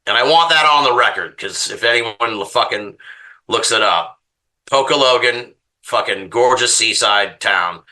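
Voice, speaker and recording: Man, podcast guest, casual storytelling, profane, exasperated, very bright tense voice. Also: medium pitch, unhurried.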